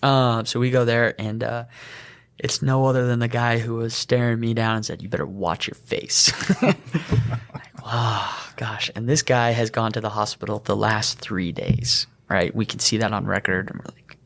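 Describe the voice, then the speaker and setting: A young man co-hosting a podcast, telling an animated work story and laughing as he goes. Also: mid-range voice, moderate pace, creaky. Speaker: EMT podcast co-host. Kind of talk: casual storytelling chat.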